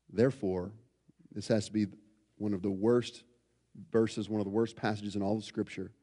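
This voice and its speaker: A man's voice: fairly low pitch, steady tone, normal speed, dark tone, in a large hall. A man preaching a sermon, explaining scripture verse by verse and asking his listeners rhetorical questions. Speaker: pastor.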